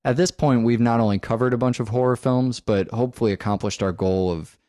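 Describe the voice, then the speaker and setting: A man's voice: medium pitch, brisk, dark tone, dry recording, studio quality. A man co-hosting a podcast, chatting casually about horror films and thinking aloud with many fillers. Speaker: podcast co-host. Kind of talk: casual film discussion.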